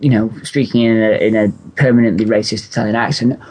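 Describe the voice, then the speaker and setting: A man co-hosting a casual comedy podcast, talking in a deadpan, rambling way. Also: lowish voice, fast, few pauses, slightly rough. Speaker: podcast co-host.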